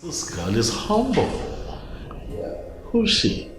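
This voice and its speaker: An actor playing a smitten young prince, pleading and persuasive, with a Nigerian accent. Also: male voice, low voice, big pitch swings, normal speed. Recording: roomy echo, faint background music.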